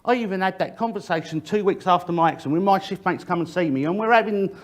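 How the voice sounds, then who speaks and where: A man's voice: high-pitched, quick pace. Middle-aged man giving a safety talk. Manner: direct, addresses the audience, varies emphasis. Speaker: workplace safety speaker. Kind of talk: public talk to an audience.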